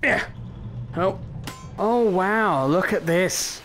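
A young man giving excitable gameplay commentary, full of swearing and mock threats. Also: high-pitched, drawn-out words, music in the background. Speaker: gaming YouTuber.

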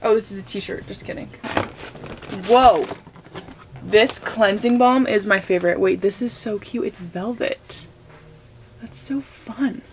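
A woman's voice: medium pitch, background noise. A young woman vlogger chatting casually and gushing while she does makeup and unboxes packages at home. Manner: gushing, chatty, many fillers.

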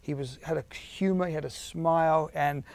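A gravelly English man in his forties chats as an interview guest, circling back and restarting his sentences. His voice sits a little high, and the sound is dry and close. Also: fairly even intonation, moderate pace, a little mellow, no room sound. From England. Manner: chatty, many restarts and repeats. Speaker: guest actor and writer. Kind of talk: casual interview chat.

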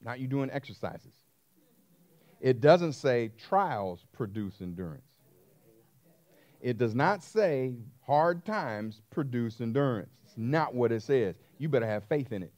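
Animated preaching man. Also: mid-range voice, a little slow. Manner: emphatic preaching, repeating phrases, calling out to the congregation. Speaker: pastor. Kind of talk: sermon.

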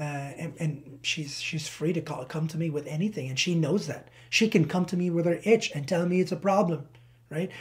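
A man in his thirties preaching a sermon as a pastor, animated, slowing down to stress key words. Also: on the high side. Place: church.

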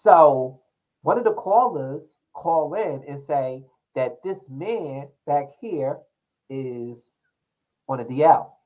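A young man hosting his own talk show, rambling through news and stories in a casual, animated monologue. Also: fairly high pitch, slow pace, narrow, tinny audio. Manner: rambling, animated storytelling with laughs.

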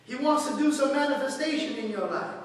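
High-voiced pastor preaching in a hall. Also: male voice, brisk. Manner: fervent preaching with call-and-response. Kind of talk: sermon. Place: church sanctuary. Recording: echoey hall from far off.

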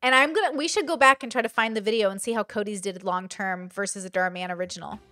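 A woman's voice: mid-range voice, fast talker, sharp tone, dry recording, studio quality. A woman giving casual, emphatic commentary on a video, talking straight to her viewers. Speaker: reaction commentator.

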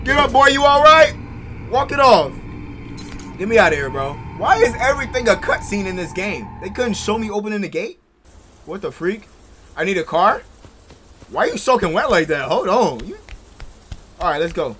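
A young man playing a horror game and reacting out loud, yelping, laughing and talking slang to his viewers, with game music loud behind him. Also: high-pitched, lively intonation, moderate pace, long pauses. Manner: yelps, laughs and exclaims loudly; slangy, says "bro" often. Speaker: gaming YouTuber. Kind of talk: excitable horror game commentary.

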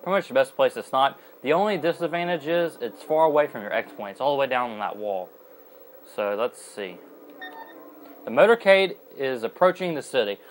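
A young man narrates his gameplay in a casual, chatty way. He rambles and often stops to correct himself. His voice sits at a middle pitch for a man. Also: fairly quick, a little hiss or hum, poor audio. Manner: rambling and chatty, with many fillers and self-corrections. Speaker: gaming video host. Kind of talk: casual let's-play commentary.

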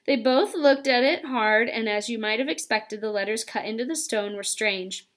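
Lady reading a kids' book out loud, lively and expressive, a bit high. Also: moderate pace. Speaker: audiobook reader. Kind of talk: reading a novel aloud.

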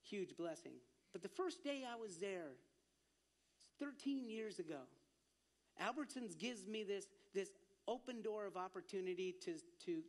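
A man preaches to his congregation in a fairly high voice. He tells a personal story earnestly, repeating words as he restarts, and grows more fervent as he goes. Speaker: ministry leader speaking at church.

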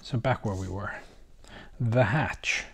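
Tired middle-aged man, host, keeps his voice low, casual rambling chat at home. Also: gravelly, breathy edge. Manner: quiet, deliberately low volume. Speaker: host building a model kit. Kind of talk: casual rambling talk while working.

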